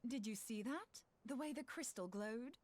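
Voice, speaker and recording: A woman's voice: on the high side, normal speed, a little mellow, lightly acted. A woman voicing a bold, axe-loving young woman scholar in a game, breezy and wry. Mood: eager. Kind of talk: game voice acting.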